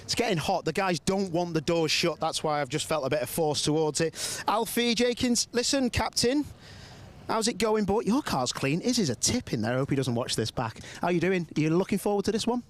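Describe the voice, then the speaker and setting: A man's voice: high-pitched, expressive, a little fast. A man doing live pit lane interviews with drivers, chatty and joking with easy banter, outdoors in a race paddock.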